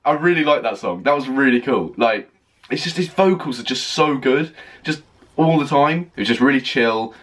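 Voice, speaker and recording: Excitable man gushing over music. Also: medium pitch, normal speed. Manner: gushing, excitable, full of "oh my God" and "like". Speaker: music reaction vlogger. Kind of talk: casual first-listen album reaction. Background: faint music playing.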